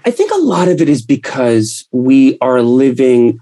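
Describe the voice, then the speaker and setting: A man's voice: medium pitch, sing-song, a little slow, dark tone. A man talking as a guest actor in casual conversation, rambling and often repeating his words.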